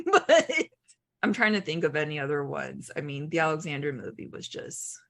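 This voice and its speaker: A woman's voice: low-pitched, big pitch swings, moderate pace, creaky, a bit bright. A woman guest on a podcast in casual chat, joking and frank, swearing casually.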